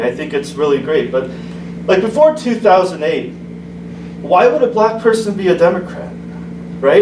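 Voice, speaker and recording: An open-mic male comic performs a stand-up set in a small indoor comedy club, stammering and stumbling through many restarts in a slightly high voice. He's recorded from a distant mic in the echoey room, with room noise audible.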